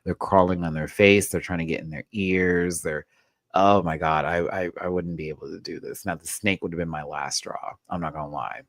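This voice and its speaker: A man hosting a casual show recap, telling a personal story with lively, rising excitement. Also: fairly quick, dry recording. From Texas. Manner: animated storytelling, jumps high when excited. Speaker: show host.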